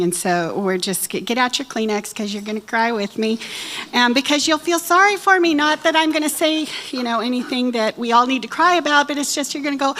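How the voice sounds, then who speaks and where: A woman's voice: on the high side, moderate pace, fairly bright tone. A woman in her sixties giving a chatty, self-deprecating, joking talk to a church women's group. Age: 60s. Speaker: women's Bible study speaker. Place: church hall.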